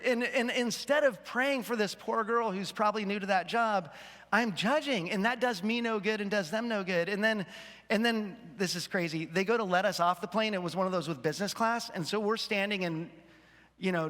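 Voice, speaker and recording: A man's voice: sits high, fairly bright tone. A man in his fifties, a pastor telling a self-deprecating story in a sermon to his church. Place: church auditorium. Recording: long hall reverb.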